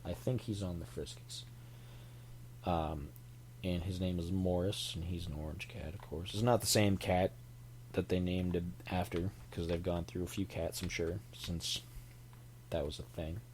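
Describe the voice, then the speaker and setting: A man's voice: low voice, fairly even intonation, measured pace, a little mellow, slight background noise. A man hosting a podcast in a casual, rambling monologue, chatty and self-deprecating, who now and then imitates animal sounds. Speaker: podcast host.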